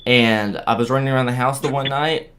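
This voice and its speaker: A young man tells his story in an unpolished, casual way. He stumbles, repeats words and restarts his sentences often. His voice sits at an ordinary middle pitch. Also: fairly even intonation, fairly quick, noisy background. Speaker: guest sharing a paranormal experience. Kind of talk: casual storytelling on a video call.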